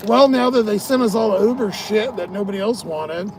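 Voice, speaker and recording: A man's voice: high voice, a little fast, a little mellow, faint music behind. A tired man vlogging in a casual, rambling way, swearing often and laughing at his own stories. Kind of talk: casual rambling vlog talk.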